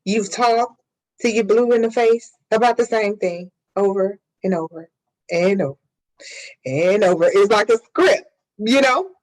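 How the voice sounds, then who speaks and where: A woman's voice: mid-range voice, a little slow, a little mellow, rough recording. A woman co-hosting a casual podcast chat, speaking in a heartfelt way as she agrees and adds her own experience. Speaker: podcast co-host.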